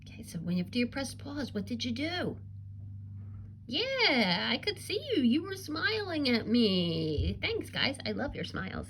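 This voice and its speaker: A woman's voice: fairly high pitch, big pitch swings, unhurried, a bit bright, slight background noise. A woman teaching a recorded reading lesson to young children, upbeat and encouraging with a sing-song teacher voice. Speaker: kindergarten teacher.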